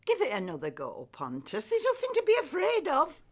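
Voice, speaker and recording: A woman's voice: sits high, huge pitch swings, a little fast. A woman playing an older, chatty grandmother, gossipy and easily amused.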